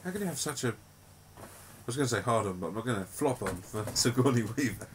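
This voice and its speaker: A man's voice: mid-range voice, expressive, fast talker, a little hiss or hum. A man, co-hosting a podcast in rambling, jokey casual banter. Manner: rambling, jokey, puts on silly voices. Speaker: podcast co-host.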